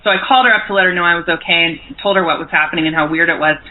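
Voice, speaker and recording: A woman's voice: lowish voice, very fast. American woman telling a story over the phone. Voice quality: chatty, full of fillers. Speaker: guest. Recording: noisy phone line.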